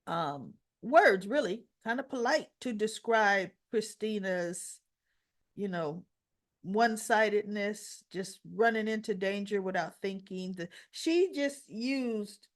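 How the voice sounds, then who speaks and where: A woman recaps a soap opera in an unhurried, easygoing way, taking her time over each scene. She has a voice of middling pitch and retells the story by acting out bits of the characters' dialogue, with chatty asides to her viewers. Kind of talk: casual spoken recap.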